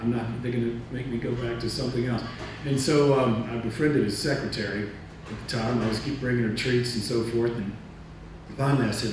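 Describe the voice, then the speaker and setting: A man's voice: medium pitch, a little fast. Echoey, distant male storyteller. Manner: lively storyteller who acts out other people's lines and laughs at himself. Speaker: motivational speaker. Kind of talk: storytelling talk to an audience. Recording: echoey room, distant mic, faint noise.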